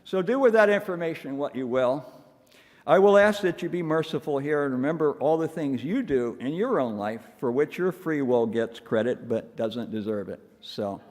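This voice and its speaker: A man's voice: fairly high pitch, lively intonation, normal speed, a little mellow. Wry, self-mocking male minister in a hall. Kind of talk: sermon. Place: church sanctuary. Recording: long hall reverb.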